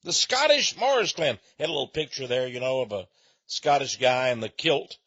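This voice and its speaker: A man's voice: mid-range voice, expressive, moderate pace, fairly bright tone, husky, no room sound, muffled recording. A man from Texas talking in a folksy monologue, a chatty storyteller with chuckling asides. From Texas, USA.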